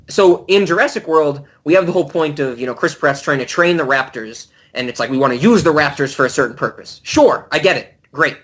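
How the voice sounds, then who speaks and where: A man co-hosts a film podcast in casual chat, his pitch swinging widely as he rants in disbelief. He swears freely and sounds incredulous at what he's describing. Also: fairly bright tone, breathy edge. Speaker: podcast co-host.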